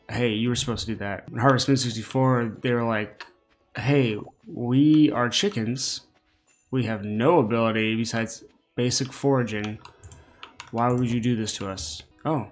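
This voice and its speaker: A man hosting a gameplay video with casual commentary and playful, jokey asides. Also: mid-range voice. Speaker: gaming video host.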